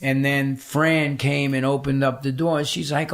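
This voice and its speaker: A man's voice: medium pitch, moderate pace, hardly any pauses. A middle-aged man, a podcast guest telling a story in conversation, swearing freely and acting out the voices of the people he quotes. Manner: profane, animated, acts out quoted voices.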